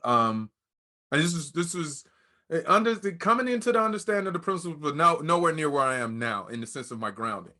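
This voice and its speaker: A man's voice: fairly high pitch, sing-song, fairly quick, bright, forceful tone. A man speaking as a guest, telling a candid, emotional personal story in conversation and acting out what people said. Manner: candid, emotional, acts out quoted dialogue.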